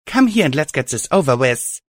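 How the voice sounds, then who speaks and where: A man's voice: mid-range voice, big pitch swings, a little fast, dry recording, studio quality, pitched above the performer's own voice, natural voice. A man reading a story and voicing an angry, defiant young female alicorn pony heroine who snarls her replies. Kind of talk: audiobook reading of fan fiction.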